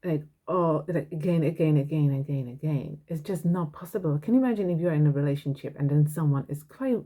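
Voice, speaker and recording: A woman's voice: low-pitched, brisk, warm tone. A woman hosting a parenting podcast, talking frankly and earnestly in a casual monologue.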